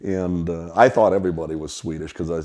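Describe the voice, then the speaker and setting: Low-voiced middle-aged man telling stories. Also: fast talker. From Wisconsin, USA. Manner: relaxed, rambling anecdotes. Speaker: restaurant kitchen worker. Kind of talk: storytelling interview.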